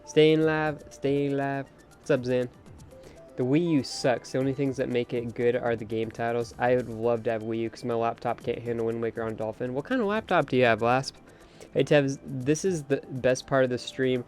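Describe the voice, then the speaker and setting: This late-night game streamer is a young man whose mid-range voice sounds a little mellow. He's talkative and full of opinions, chatting casually and reading viewer messages aloud over faint background music.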